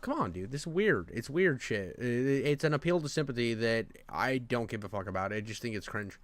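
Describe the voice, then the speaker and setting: A man's voice: medium pitch, big pitch swings, moderate pace, hardly any pauses. A man streaming his reaction to a video, ranting bluntly and sarcastically, with a lot of swearing. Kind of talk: casual profane commentary rant.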